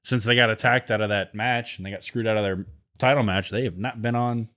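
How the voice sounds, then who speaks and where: A young man co-hosting a podcast, giving relaxed, measured takes on wrestling with frequent ums. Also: fairly low pitch. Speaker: podcast co-host. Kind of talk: casual wrestling review chat.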